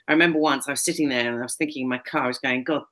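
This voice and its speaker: A woman's voice: very deep voice, steady tone, racing, a bit bright. A middle-aged woman telling a personal story in casual, rambling talk, full of fillers and restarts as she co-hosts a chat.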